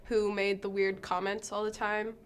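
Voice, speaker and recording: A teenage girl jokes about herself as she answers farewell interview questions. Her pitch is in the middle for a young female voice. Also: flat delivery, normal speed, a little hiss or hum. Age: teens. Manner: joking, self-mocking. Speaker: student interviewee. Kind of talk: casual chat.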